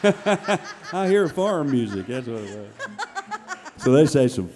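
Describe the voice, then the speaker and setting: A man chatting on a live stage, telling quick, laughing stories about his children. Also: mid-range voice, sing-song, long reverb tail, a crowd in the background. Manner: quick, soft, laughing anecdotes. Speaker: singer. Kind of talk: onstage chat. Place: live stage in a family theater. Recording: live stage with band music behind.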